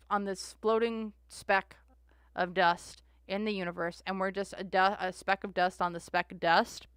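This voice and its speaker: Woman, rambling livestream host, smooth clear tone, dry close sound. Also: medium pitch, dry recording. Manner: chatty, rambling, restarts words. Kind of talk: casual livestream chat.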